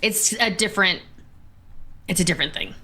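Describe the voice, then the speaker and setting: Woman, bright voice, jokey tabletop player who cuts in a lot. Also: fairly low pitch. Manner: joking, quick interjections. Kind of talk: casual chat, live-streamed tabletop game.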